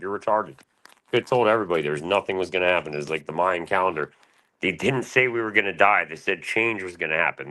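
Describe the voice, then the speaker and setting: A man's voice: low voice, pushed and bright. A man around forty talking in a loose, rambling, profane way on a casual chat stream. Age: 40s. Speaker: panel guest.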